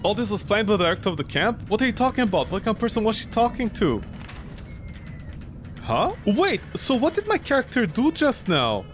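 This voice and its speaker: A man's voice: sits high, very animated, brisk, slight background noise. A man streaming a horror game, rambling and joking as he talks back at it. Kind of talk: let's play commentary.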